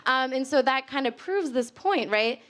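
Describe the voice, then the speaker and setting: A woman's voice: high voice, expressive, normal speed, fairly bright tone. A young American woman giving a casual public talk on linguistics to a live audience, chatty and laughing often. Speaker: linguistics speaker. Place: library event space with live audience.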